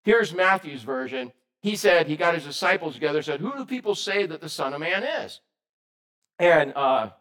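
A man preaching a sermon, lively and animated, questioning his congregation. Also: fairly high pitch. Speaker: pastor.

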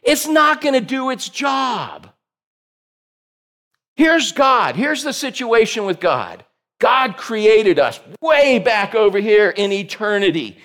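A man, preaching in a loose, jokey way to a small group. His voice sits high, and he keeps breaking into playful asides aimed at people in the room. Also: fairly bright tone. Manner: jokey, teasing listeners by name, playful asides. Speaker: pastor. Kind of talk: casual joking sermon to a small group.

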